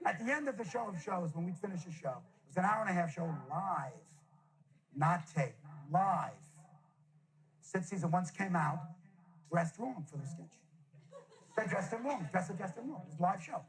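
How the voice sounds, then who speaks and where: A male comedian telling an animated anecdote to a live audience on a televised stage, repeating phrases for emphasis. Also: high voice, moderate pace, rough recording.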